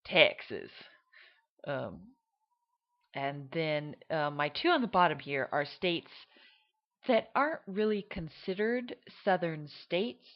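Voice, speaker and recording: Woman, low voice, slow and hesitant, casual explainer, dull lo-fi sound. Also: animated. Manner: hesitant, many fillers, demonstrates accents. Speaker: teacher explaining regional accents. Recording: dull lo-fi recording.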